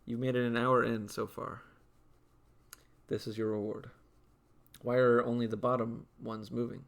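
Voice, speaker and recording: A man's voice: medium pitch, flat delivery, moderate pace, gravelly. A young man giving casual gameplay commentary, listing names in a dry, matter-of-fact way with amused asides. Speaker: gaming video creator.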